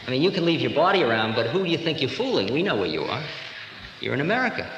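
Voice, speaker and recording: A man in his forties gives a spiritual talk to a live audience in a lecture hall, telling stories with a chuckle in his voice. The old recording rings with long hall reverb and a steady hiss underneath. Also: medium pitch, rapid-fire, dull audio. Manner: humorous, storytelling, chuckling. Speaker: spiritual teacher.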